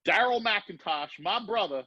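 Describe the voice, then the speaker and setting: Animated storyteller man, dry and dull sound. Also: sits high, moderate pace, no echo. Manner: animated storyteller acting out quoted voices. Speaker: podcast guest. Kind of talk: casual storytelling.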